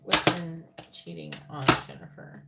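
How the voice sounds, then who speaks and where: A woman's voice: low-pitched, big pitch swings, unhurried, gravelly. A woman giving a live tarot reading, calling out cards in a murmur and breaking into incredulous asides. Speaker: psychic tarot reader. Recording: loud background noise.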